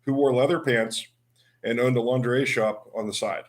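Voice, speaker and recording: A man's voice: medium pitch, steady tone, moderate pace. Pittsburgh guy telling a rambly story, laughing along, mid voice. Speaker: co-host. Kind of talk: casual storytelling.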